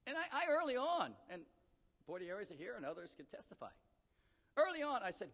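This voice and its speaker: Animated male preacher in an echoey hall. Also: high voice, brisk. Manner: animated storyteller acting out dialogue. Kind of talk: sermon storytelling. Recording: echoey hall, dull lo-fi sound.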